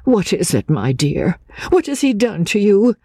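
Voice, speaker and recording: A man's voice: sits high, big pitch swings, measured pace, darkish tone, husky, dry recording, voice pushed up, heavily acted. A man reading aloud and voicing a protective older woman who scolds a stranger in a raised, indignant voice. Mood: tender concern.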